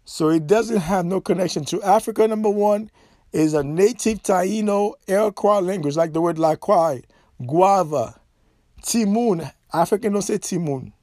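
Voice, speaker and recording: A middle-aged man with a Haitian accent delivers a solo podcast monologue, speaking emphatically and repeating his points, with nonstandard grammar. His voice is somewhat high for a man and a little mellow, at a normal speed, in a dry, close recording with no room sound.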